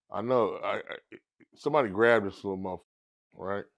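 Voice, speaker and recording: Gravelly-voiced man telling a wild story. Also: normal speed. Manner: animated storyteller who acts out others in high squeaky voices. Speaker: comedian guest. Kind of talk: casual storytelling interview.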